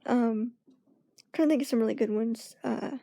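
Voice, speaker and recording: Young woman, high mellow voice, halting casual vlog talk with laughs, dry close sound. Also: vocal fry, dry recording. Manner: halting, searching for words, laughs often. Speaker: vlogger.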